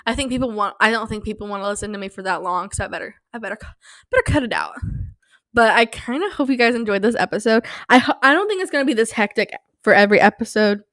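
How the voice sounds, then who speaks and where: A young woman talks into a close studio mic in a dry little room, running her own podcast. Her voice sits a bit high. She is hyper and rambling, poking fun at herself, sleep-deprived and slap-happy, and her throat is a little sore from yelling. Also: lively intonation, quick pace, dry recording. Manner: hyper, rambling, self-mocking. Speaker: podcast host. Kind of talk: casual solo podcast chat. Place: small home studio.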